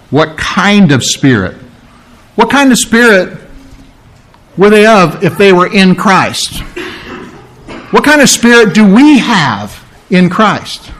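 A pastor with a high, slightly bright voice works through the Bible verse by verse in a conversational sermon. He repeats points emphatically and keeps checking in with "all right?"

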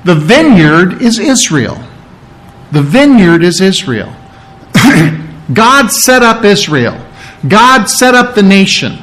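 A man's voice: high-pitched, sing-song, takes it slowly, long pauses, fairly bright tone, low-quality recording. A man preaching a sermon in a teaching, conversational way, checking in with his listeners and often restarting his phrases. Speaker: pastor.

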